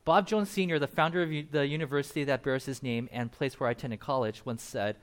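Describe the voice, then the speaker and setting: A man preaching a sermon in a conversational, animated way, laughing now and then and adding asides. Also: medium pitch, quick pace, hardly any pauses, smooth. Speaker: pastor.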